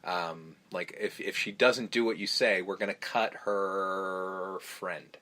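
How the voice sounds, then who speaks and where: A man's voice: deep voice, fairly even intonation, takes it slowly, sharp tone. A man hosting a podcast, recapping a film in casual, rambling chat full of ums, restarts and swearing. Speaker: podcast host.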